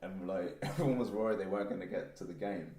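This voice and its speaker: A man telling rambling anecdotes quickly in a casual podcast chat. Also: deep voice, warm tone. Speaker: podcast co-host or guest. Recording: roomy echo, faint noise.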